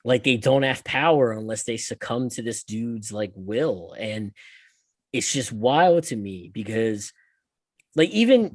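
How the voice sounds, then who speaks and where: A man hosting a podcast, ranting in casual, profane chat that swings between loud bursts and quiet asides. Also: medium pitch, expressive, unhurried, no room sound. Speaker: podcast host.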